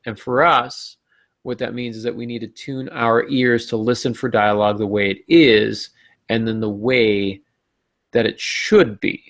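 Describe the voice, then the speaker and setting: A man with a gravelly, creaky voice hosts a writing podcast in a casual, thinking-aloud way. He hesitates often, restarts his sentences and pokes fun at himself. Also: medium pitch, steady tone, unhurried. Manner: hesitant, many ums and restarts, self-deprecating. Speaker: podcast host. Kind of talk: casual discussion.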